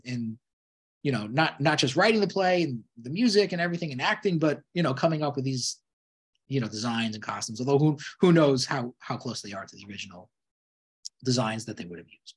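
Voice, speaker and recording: A man with a somewhat high voice delivers a college lecture. He explains things conversationally and keeps stumbling over his words, restarting phrases and leaning on "you know" as he goes. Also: a bit bright, husky. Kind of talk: classroom lecture.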